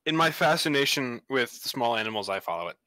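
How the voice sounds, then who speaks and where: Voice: mid-range voice, very animated, fairly quick, crowd noise, poor audio. A young player in a tabletop game, chatting playfully and giggling. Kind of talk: casual game chat.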